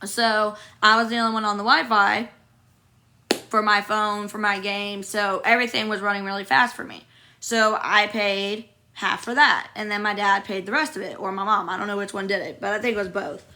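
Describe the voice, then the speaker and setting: A young woman with a hoarse voice, bluntly venting on a casual livestream, rambling and swearing as she answers viewer comments. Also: mid-range voice, steady tone, normal speed, pushed and bright. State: hoarse from illness. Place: hotel room.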